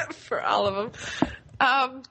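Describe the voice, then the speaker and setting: A woman reads quiz questions on a casual podcast, giggling between them. Her voice sits high. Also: noisy background. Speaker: quiz reader, podcast co-host.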